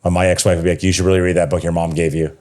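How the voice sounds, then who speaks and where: A man in his thirties with a notably low, deep voice, speaking as a guest on a casual podcast. He tells his story with passion and swears freely. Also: flat delivery, rapid-fire, darkish tone. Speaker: podcast guest, yoga teacher and connection coach.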